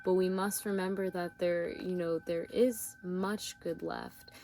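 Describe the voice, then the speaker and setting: Gentle, searching woman reading tarot. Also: lowish voice, fairly even intonation, unhurried, faint music behind. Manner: gentle, repetitive, searching phrasing with many fillers. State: yawning, tired. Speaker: tarot reader.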